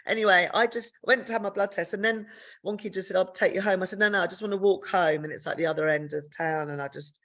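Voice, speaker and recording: A middle-aged woman from the UK speaks openly on a podcast in a mid-range voice. She tells her story bluntly, drops swear words, and leaps up in pitch when acting out what people said. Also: steady tone, fast, a bit bright. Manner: frank, swears freely, re-enacts dialogue with big pitch jumps. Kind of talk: candid conversational storytelling.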